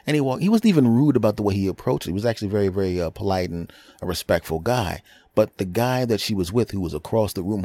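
A man's voice: deep voice, a little mellow, no echo. A man hosting his own podcast, telling a rambling, self-mocking comic story and acting out the voices of the people in it. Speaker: podcast host. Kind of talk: comedic storytelling monologue.

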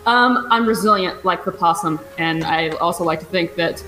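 A woman's voice: lowish voice, moderate pace, pushed and bright, soft background music. A woman chatting playfully on a livestream, giggling between remarks. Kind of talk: casual stream chat. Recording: roomy echo.

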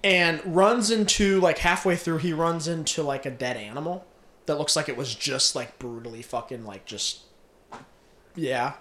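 A man's voice: a little high, moderate pace. A young man casually retelling a film plot, swearing freely and laughing often. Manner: profane, laughing, animated storytelling. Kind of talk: casual movie recap. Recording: roomy echo.

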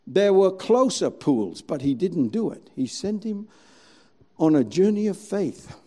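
A man's voice: high-pitched, big pitch swings, unhurried, warm tone. A man preaching a sermon, telling a story and acting out its scenes dramatically.

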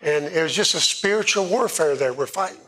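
A man giving a sermon testimony, halting and often repeating himself. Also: fairly high pitch, lively intonation, sharp tone. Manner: halting, repeats words and restarts. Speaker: preacher.

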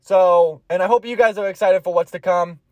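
A man's voice: high voice, brisk, darkish tone, no room sound, clean studio sound. A man hosting a solo podcast, rambling in a crude, jokey way. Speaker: podcast host.

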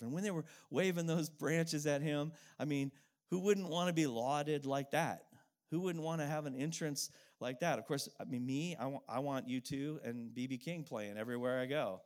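A middle-aged pastor delivering a sermon in an earnest, heartfelt way. He tells personal stories with pauses and repeated lines, his voice sitting at an ordinary middle pitch for a man. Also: darkish tone. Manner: earnest, emotional storytelling with pauses and repetition.

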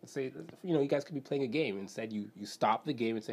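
Speaking fast with hardly any pauses, a Canadian man hosts his own self-help show at a medium pitch. The talk is casual and rambling, packed with fillers, "right?", self-questions, and small acted-out quotes from friends.

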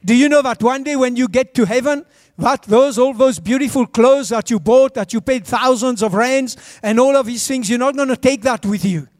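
Pastor guy preaching, super high voice, dry sound, keeps pushing the church to say amen. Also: normal speed, no room sound. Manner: urges the congregation to respond. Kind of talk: sermon.

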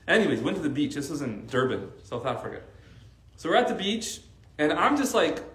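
The recording has a roomy sound, and his voice is a little high and brisk. He's an Arabic teacher addressing a faith circle in a relaxed religious talk, telling stories with animation and many "like" fillers.

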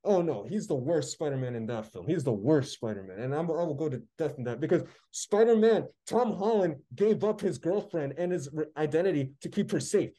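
Ranting high-voiced man with a dark tone. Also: expressive, brisk, hardly any pauses. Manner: heated, sarcastic ranting. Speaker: podcast co-host. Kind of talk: casual podcast chat.

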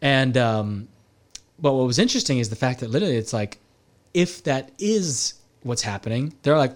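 A young American man chatting on a podcast, telling travel stories in an animated way and acting out the people he quotes. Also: medium pitch, moderate pace. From United States. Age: young adult. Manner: animated storyteller who acts out quoted people. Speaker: podcast guest. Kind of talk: casual chat.

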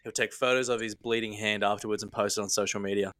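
A man's voice: fairly low pitch, fairly even intonation, fast talker, fairly bright tone, no echo. An Australian man co-hosting a podcast, telling wry, mocking stories in casual banter. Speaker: podcast co-host.

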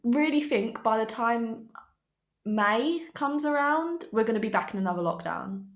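A woman's voice: on the high side, expressive, a little slow. A young British woman co-hosting a podcast, talking frankly with wry asides. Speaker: podcast co-host. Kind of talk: casual chat.

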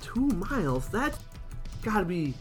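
A man co-hosting a casual podcast review of comics, excitable and swearing casually. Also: high-pitched, unhurried, faint music behind. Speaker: podcast co-host.

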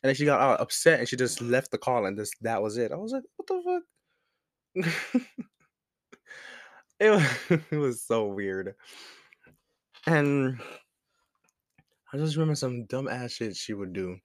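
A young man tells a story to the camera from his desk at home. His voice is mid-pitched, rambling and laid-back, with plenty of swearing and laughter. The sound is dry and close. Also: expressive, a little slow, long pauses, no room sound. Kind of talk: casual storytime vlog.

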